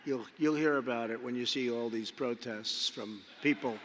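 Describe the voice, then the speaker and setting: A man's voice: mid-range voice, moderate pace, a bit bright, slight background noise. A man giving an off-the-cuff political speech at a convention, rambling and repeating himself with conversational asides. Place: large indoor convention arena. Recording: long arena reverb from a PA.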